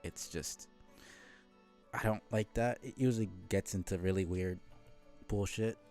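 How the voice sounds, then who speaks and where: A man's voice: low-pitched, unhurried, a little mellow, soft background music. A man streaming live, chatting casually in a rambling way with casual swearing.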